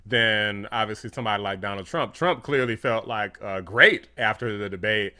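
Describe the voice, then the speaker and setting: A man's voice: lowish voice, moderate pace, pushed and bright, clear, resonant tone. A man commenting on clips for his channel in a casual, slangy, dismissive way. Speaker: YouTube commentator. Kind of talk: reaction video commentary.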